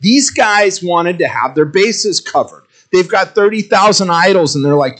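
A man preaching a casual sermon to his congregation, conversational and jokey, with animated asides. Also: high voice, unhurried, few pauses. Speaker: pastor.

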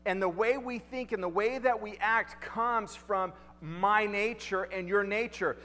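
High-voiced man preaching in a church hall. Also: measured pace, pushed and bright. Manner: conversational, asks the crowd questions, repeats lines. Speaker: pastor. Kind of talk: sermon.

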